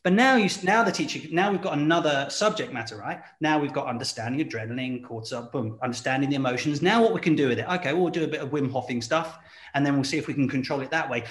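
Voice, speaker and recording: A man in casual conversation who talks in an animated way, acting out quoted voices and laughing often. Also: medium pitch, quick pace. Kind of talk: casual chat. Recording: echoey room.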